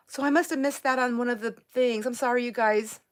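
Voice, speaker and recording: Speaking a little high and fairly quickly, a middle-aged woman chats casually on her livestream. She laughs often and keeps starting her sentences over.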